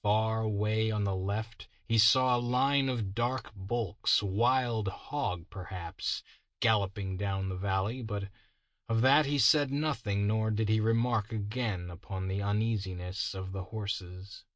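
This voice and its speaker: Guy reading a story real slow, bright voice, dry close mic. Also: on the low side, dry recording. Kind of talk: scripted narration.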